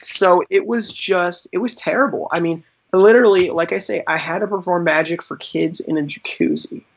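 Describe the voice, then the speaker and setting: A magician guesting on a podcast tells stories in a chatty interview, laughing often and using lots of fillers. His voice sits high and creaky with fairly even intonation at a normal speed, and the dull lo-fi recording carries a little hiss or hum.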